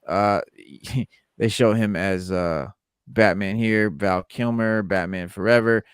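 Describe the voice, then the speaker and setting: A man's voice: lowish voice, fairly even intonation, slow, clear, resonant tone, dry recording, clean studio sound. A man hosting a casual podcast, mixing loose, rambling chat full of filler words with bits of read-out commentary. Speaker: podcast host.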